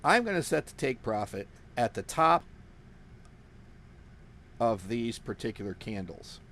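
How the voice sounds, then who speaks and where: A man walks through a live trading screen, excitable and boastful, breaking into laughter again and again. His voice sits at an ordinary middle pitch for a man. He curses casually and hammers his points home by repeating them. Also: unhurried, a little hiss or hum. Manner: emphatic, repeats phrases for punch; swears casually. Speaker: forex trading instructor.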